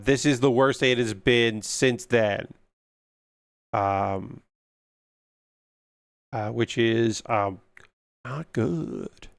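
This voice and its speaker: A man's voice: mid-range voice, fairly bright tone, dry recording. A young man chatting casually on a livestream while building a model kit, ranting with frequent swearing and filler words. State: yawning.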